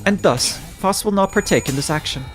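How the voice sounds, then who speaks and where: A man's voice: high voice, expressive, fairly quick, soft background music, pitched above the performer's own voice. A man voicing a cold, know-it-all young woman who lectures formally and speaks of herself in the third person. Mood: lecturing. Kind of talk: streamer doing a character voice.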